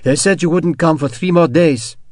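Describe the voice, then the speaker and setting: A man voicing a shaken young French woman who speaks softly and sadly. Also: a little high, big pitch swings, normal speed, dry recording, studio quality. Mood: subdued.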